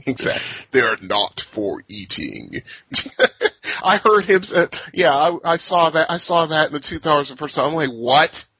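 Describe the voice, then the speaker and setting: Male host, casual rambler, laughs a lot, bright and breathy, lo-fi dry recording. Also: fairly high pitch, sing-song, a little slow, no echo. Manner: laughs often, rambling with restarts. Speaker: podcast host. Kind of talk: casual chat.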